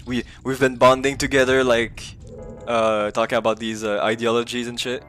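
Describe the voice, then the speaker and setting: A male streamer talks casually to his chat while he plays, rambling and cursing freely. His voice sits at an ordinary middle pitch, with faint game music underneath. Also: level tone, normal speed, a bit bright.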